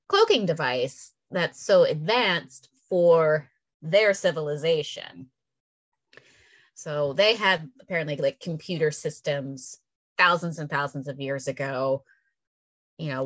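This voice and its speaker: A woman chatting casually as a podcast co-host, retelling a story with filler words and acting out the characters' lines. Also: dry recording. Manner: animated storyteller, acts out characters' lines with big pitch jumps; casual, filler-heavy, swears. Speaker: podcast co-host recapping an episode. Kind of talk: casual chat.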